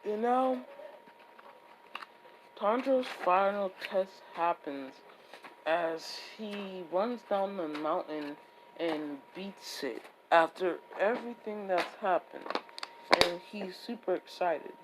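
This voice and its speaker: A woman's voice: fairly low pitch, slow, slight background noise, low-quality recording. A woman improvising a fan story in a rambling way, with frequent restarts and repeated "would be like" tags.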